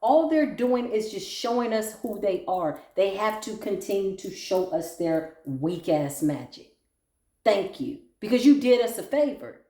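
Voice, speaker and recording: Animated, blunt woman tarot reader. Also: mid-range voice, measured pace. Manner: blunt, profane, mocking; bursts into laughter. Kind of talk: intuitive tarot reading. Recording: roomy echo.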